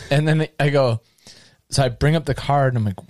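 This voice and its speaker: A man in casual podcast chat, telling a story in an animated way and acting out his own reactions. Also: medium pitch, normal speed, dry recording, clean studio sound.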